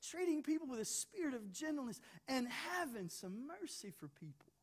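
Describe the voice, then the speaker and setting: Male pastor, sermon delivery, animated, joking asides, repeats words for build. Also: extremely high pitch, normal speed, breathy edge.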